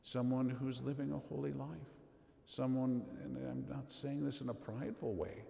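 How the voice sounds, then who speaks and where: A man giving an earnest, measured homily at Mass as a Catholic priest, asking rhetorical questions. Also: mid-range voice, fairly even intonation, creaky, warm tone. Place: church. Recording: echoey church with long reverb.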